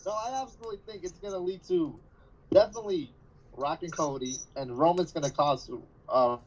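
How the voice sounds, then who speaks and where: A man's voice: a little high, sing-song, brisk. A man co-hosting a podcast, rambling casually through his predictions with plenty of swearing. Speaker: podcast co-host. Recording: dull lo-fi sound.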